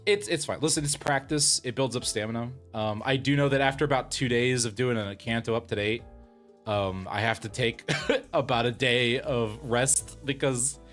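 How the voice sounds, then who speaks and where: A man's voice: mid-range voice, moderate pace, a bit bright, faint music behind. Chatty, laughing male streamer. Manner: chatty, laughing, self-deprecating. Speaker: streamer and voice actor. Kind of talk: casual chat with a live stream audience.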